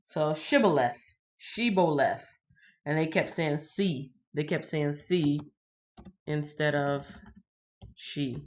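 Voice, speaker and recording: A woman reading the Bible on a livestream and chatting with viewers in a casual, animated way. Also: sits low, slow. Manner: chatty, addresses viewers directly; animated, laughs and greets viewers. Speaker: livestream host.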